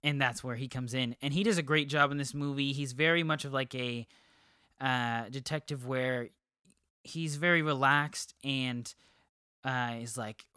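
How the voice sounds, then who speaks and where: A man's voice: mid-range voice, normal speed, pushed and bright, clear, resonant tone, no room sound, studio quality. A man co-hosting a movie podcast, chatting casually with many ums and restarts. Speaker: podcast co-host. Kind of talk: casual chat.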